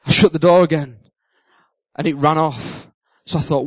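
Man telling a story, high-pitched. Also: moderate pace, no room sound, poor audio. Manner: animated, self-mocking storyteller who acts out his own panic. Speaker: preacher. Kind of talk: sermon storytelling.

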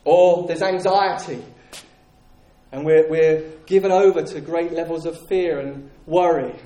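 A man's voice: fairly high pitch, fairly even intonation, unhurried, mellow. A man preaching a sermon in an emphatic style, hammering home his points through repetition. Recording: echoey room.

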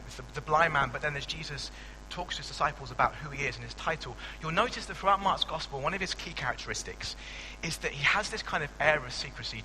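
A young man, a pastor giving a conversational sermon with animated asides and frequent restarts. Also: medium pitch, long reverb tail, slight background noise, low-quality recording. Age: young adult.

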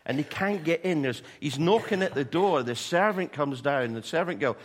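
A man preaching a sermon, retelling stories in an animated way with humorous asides to the congregation. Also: fairly high pitch, moderate pace, husky. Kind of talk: sermon storytelling.

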